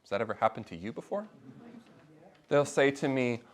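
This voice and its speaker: A man's voice: medium pitch, normal speed. A middle-aged man leading a faith discussion class, talking informally to a small group and acting out the people he quotes. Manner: conversational, animated, acts out quoted voices.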